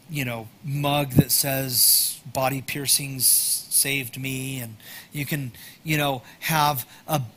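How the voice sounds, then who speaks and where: A man preaching a sermon in a conversational style, with joking asides to the congregation and swings from loud emphasis to soft near-whispers. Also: mid-range voice, slight background noise. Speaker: pastor.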